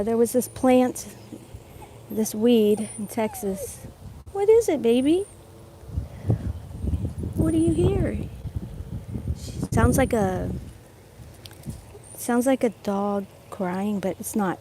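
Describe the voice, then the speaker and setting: A woman livestreaming while walking her dogs, chatting in a meandering, casual way into a phone held in her hand. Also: fairly high pitch. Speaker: vlogger livestreaming a dog walk. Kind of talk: rambling casual live chat. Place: outdoors on a rural walk. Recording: phone audio outdoors with loud background noise. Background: loud birdsong and outdoor noise.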